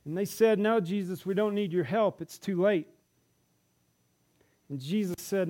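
Animated high-voiced male preacher. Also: measured pace, pauses often. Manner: animated, acts out the characters' lines in the stories. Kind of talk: sermon storytelling. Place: church.

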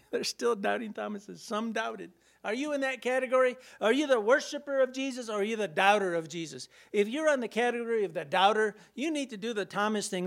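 A man preaches a sermon in a high, light voice. He reads scripture aloud and acts out the scenes with playful, animated humor.

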